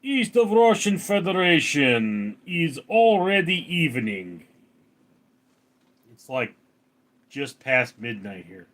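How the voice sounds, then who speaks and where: A man's voice: fairly high pitch, very animated, takes it slowly, pauses often, fairly bright tone. Chatty man answering a livestream chat. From Los Angeles, California. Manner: rambling, chatty, reads out and answers viewer comments. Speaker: livestream host reading chat. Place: outdoors at night.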